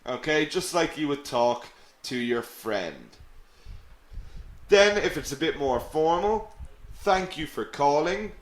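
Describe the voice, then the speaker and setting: A man teaching a live online English lesson, slow and patient, who repeats phrases and answers viewers' questions. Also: fairly high pitch, big pitch swings. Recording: echoey room.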